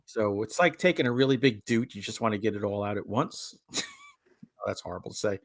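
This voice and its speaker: A man co-hosting a horror podcast, goofy and animated, reading out rules and laughing at his own jokes. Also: fairly low pitch, a little fast, no echo, studio quality. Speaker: podcast co-host. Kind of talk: casual comedy podcast chat.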